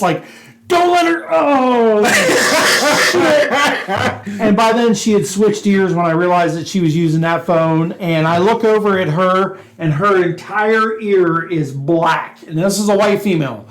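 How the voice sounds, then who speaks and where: A man's voice: sits high, normal speed, few pauses, rough recording. A man, a former police officer co-hosting a podcast, telling a story in casual chat, laughing often and acting out the quotes.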